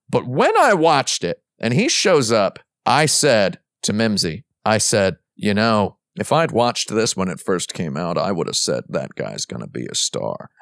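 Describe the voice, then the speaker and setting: A man's voice: lowish voice, fairly bright tone, dry recording, studio quality. A man chatting casually on a podcast, rambling enthusiastically with plenty of fillers, restarts and self-deprecating jokes. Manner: jokey, self-deprecating asides. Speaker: podcast panelist. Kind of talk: casual chat.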